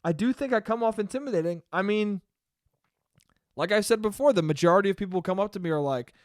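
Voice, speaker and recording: A man's voice: sits high, fast talker, dry recording, clean studio sound. A young man hosting a solo podcast, telling a rambling, profane, self-deprecating story in a casual monologue. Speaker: podcast host.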